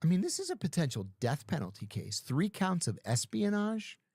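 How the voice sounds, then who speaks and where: A man's voice: sits high, very animated, normal speed, a little mellow, husky, no echo, studio quality. A middle-aged man telling stories in casual talk, acting out other people's lines as he goes. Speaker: podcast guest. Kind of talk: casual storytelling.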